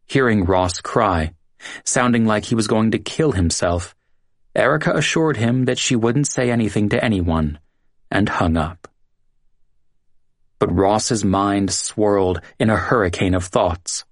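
A man narrating a dramatic true story in a measured, dramatic way. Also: fairly low pitch, dry recording, clean studio sound.

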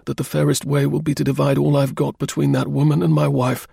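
A man's voice: medium pitch, flat delivery, a little fast, gravelly, dark tone, slightly rough, no echo, studio quality, voice pushed up. A man doing a strained, anxious young husband. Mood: desperate. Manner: strained, pleading.

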